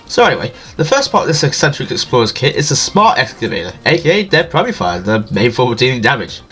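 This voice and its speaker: A man's voice: medium pitch, pushed and bright. A man with a nasal, allergy-stuffy voice reading a scripted gaming guide as a voice-over, jokey and self-deprecating. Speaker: video game guide creator.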